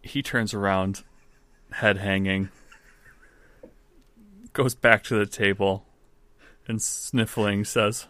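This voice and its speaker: A man's voice: lowish voice, fairly even intonation, slow, pauses often, pushed and bright. A man narrating as game master in a casual, wry way.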